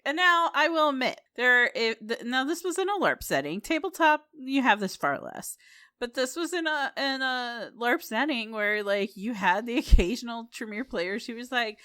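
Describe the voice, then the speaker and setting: A woman co-hosting a casual podcast. Her voice is bright and lively, jumping up and down in pitch as she explains with playful emphasis. The sound is dry and close, with no room around it. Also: normal speed, clean tone, no echo. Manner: animated, laughs often, playful emphasis. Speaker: podcast co-host.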